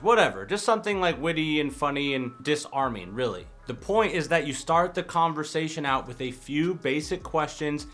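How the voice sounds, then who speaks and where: A man's voice: on the high side, lively intonation, fairly bright tone. Casual young man coaching on dating. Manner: conversational, acts out example lines in quick asides. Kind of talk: casual talking-head advice vlog.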